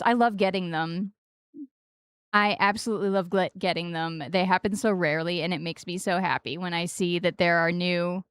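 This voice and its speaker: A woman in her forties chatting casually while streaming a game, playful and jumping into high sing-song stresses on odd syllables, close to the mic. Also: clear, resonant tone, dry recording. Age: 40s.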